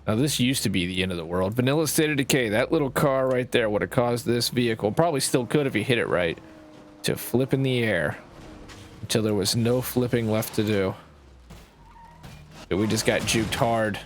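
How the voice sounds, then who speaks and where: Canadian man, nasal tone, mid-pitched, casual rambling game commentary with loose swearing, faint hiss behind. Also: moderate pace. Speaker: game streamer.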